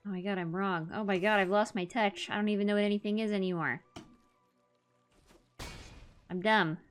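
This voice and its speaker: A woman streamer giving casual commentary on her own card game, talking to herself and swinging from low mutters to excited squeals. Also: moderate pace, soft background music.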